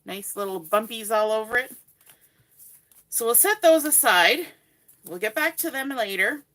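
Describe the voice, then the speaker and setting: A middle-aged woman leads a live online craft session with a bright, clear voice. She chats cheerfully as she works, walking viewers through each step in a friendly, easygoing way. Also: a little high. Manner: chatty, cheerful, talks while working. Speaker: craft instructor.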